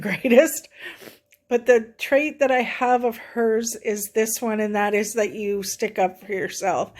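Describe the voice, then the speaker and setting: A woman's voice: on the high side, darkish tone. A middle-aged woman, telling a personal story in a chatty, rambling way to a vlog audience. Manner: chatty, rambling retelling with many "I said". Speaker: vlogger. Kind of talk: casual storytelling.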